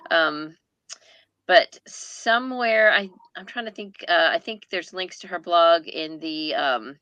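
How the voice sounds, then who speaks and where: A woman's voice: lowish voice, slow, bright, forceful tone, clear, resonant tone, no echo, dull audio. A woman hosting a casual livestream chat, greeting viewers as they come in. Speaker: host.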